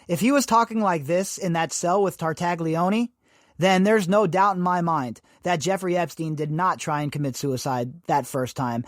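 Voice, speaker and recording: Here a podcast host offers emphatic, sarcastic opinions, leaning on rhetorical questions throughout. His voice is a little high, and the recording is dry with clean studio sound.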